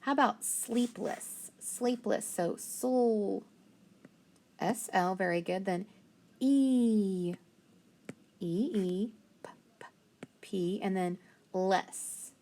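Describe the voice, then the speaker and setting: A woman's voice: medium pitch, steady tone, slow pace, a little mellow, slight background noise. A woman teaching a phonics and spelling lesson, patiently sounding out letters and praising each answer.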